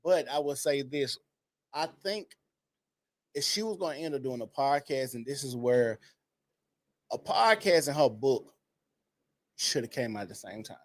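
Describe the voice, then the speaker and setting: A man's voice: mid-range voice, lively intonation, a little slow, pauses often, dry recording. A man co-hosting a podcast, laid-back and opinionated. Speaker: podcast co-host. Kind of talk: casual commentary chat.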